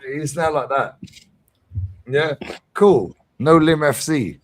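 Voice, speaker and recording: The host of this fan talk stream has a slightly high voice and speaks at a slow pace. He chats casually, telling stories full of slang and swearing. His delivery is lively.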